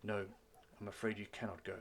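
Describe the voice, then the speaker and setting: A man's voice: on the low side, level tone, a little hiss or hum, natural voice. A man playing a stern old king. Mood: grave. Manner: quiet, measured, grave. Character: stern older male king, firm.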